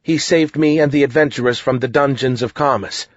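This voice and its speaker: A man's voice: medium pitch, brisk, dry recording, dull audio, voice pushed up, close to an everyday voice. A man voicing a proud, earnest young prince in an audiobook. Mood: dignified.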